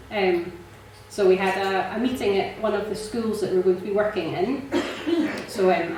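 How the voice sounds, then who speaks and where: A woman tells her church testimony in a chatty, animated way, laughing as she goes and filling pauses with ums. Her voice sits at a middle pitch. It comes from some distance off the mic and carries a strong echo through the church, with a faint hiss underneath. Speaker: church member sharing a testimony.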